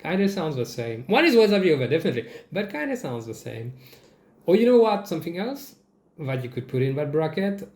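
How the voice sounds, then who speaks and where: A young Mauritian man with a Mauritian accent, giving casual comedic commentary in a sarcastic, swearing, animated way. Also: on the high side, fairly quick. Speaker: vlogger. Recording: echoey room.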